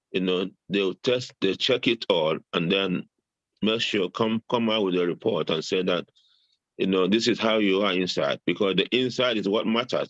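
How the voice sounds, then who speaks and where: A man's voice: lowish voice, dry recording, muffled recording. An older man chatting as a guest, repeating words often and chuckling jovially about supplements. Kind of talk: casual interview talk.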